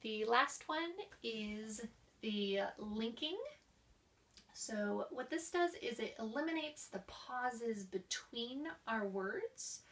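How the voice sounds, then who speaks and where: A woman's voice: a little high, lively intonation, a bit bright, far from the mic. A young woman explaining voice therapy exercises as a class presentation, showing each one by coughing, sighing or stretching out words. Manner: demonstrates exercises with coughs, sighs and slowed speech. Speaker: student presenter.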